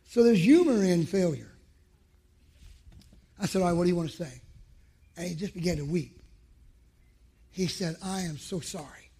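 A man with a high, husky voice preaches to a group of men, telling a personal story emphatically and acting out conversations from his past.

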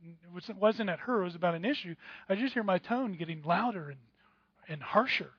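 Animated man preaching a sermon. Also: high voice, a little fast, slightly rough, no room sound, muffled recording. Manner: animated preaching, acting out voices of others. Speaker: pastor.

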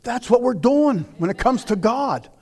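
High-voiced preacher, hushed to shouting. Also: male voice, lively intonation, a little slow. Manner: dramatic, swings from hushed near-whispers to shouting; conversational storytelling with rhetorical questions. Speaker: pastor. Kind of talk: sermon.

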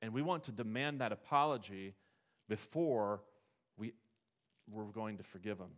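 A male pastor delivering a sermon from the pulpit. He talks in a conversational, questioning way, often pitching up and getting louder when he presses a point. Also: moderate pace. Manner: conversational preaching with rhetorical questions and rising emphasis.

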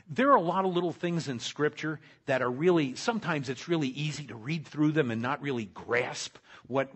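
A man preaching a sermon to his congregation, swinging between loud emphatic lines and soft quiet ones and talking directly to the people in front of him. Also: on the high side, breathy edge. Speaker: pastor.

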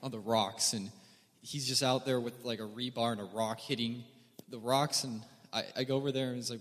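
A man's voice: mid-range voice, fairly even intonation, normal speed, fairly bright tone, in a large hall. A man casually telling a rambling story to a congregation. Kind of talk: casual anecdote told to a congregation.

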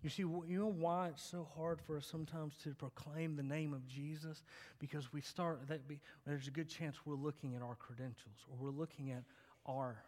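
A young male pastor preaches with a high, carrying voice, rising to loud, emphatic lines and dropping to quiet, confiding asides. He tells humorous personal stories between points. The sound rings with the long reverb of a church sanctuary. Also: fairly even intonation, moderate pace. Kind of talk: sermon.

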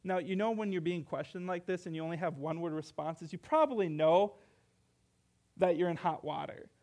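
A man's voice: high-pitched, brisk, a little mellow. A young man preaching a sermon, earnest, asking rhetorical questions and reading scripture aloud.

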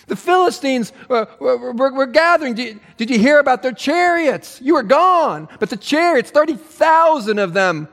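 A man preaching, putting on the voice of King Saul making panicky, stammering excuses in a higher voice. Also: animated, moderate pace, few pauses, fairly bright tone, long reverb tail, exaggerated voice. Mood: flustered pleading. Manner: flustered, stammering, pleading.

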